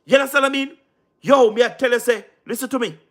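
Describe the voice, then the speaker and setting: A Jamaican man with a very high, bright voice, chatting on a casual livestream. He talks emphatically, repeats his points and keeps checking that you understand. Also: fast talker. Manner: repetitive, emphatic, keeps asking "you understand what I mean?". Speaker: livestream host.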